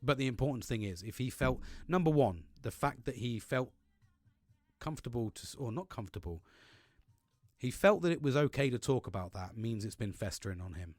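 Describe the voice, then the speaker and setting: A man's voice: medium pitch, lively intonation, normal speed, no echo, clean studio sound, faint music behind. A man, hosting a podcast as a casual monologue, talking frankly with a lot of swearing and laughing often. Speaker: podcast host.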